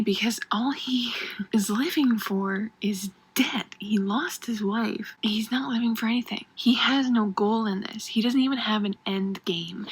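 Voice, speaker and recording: A young woman chats to camera at home about a book series, ranting and rambling with plenty of filler words. Her voice has a breathy, slightly raspy edge. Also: medium pitch. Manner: chatty, ranting, frequent "like" fillers. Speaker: book vlogger. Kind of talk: casual chat. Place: room at home, at night.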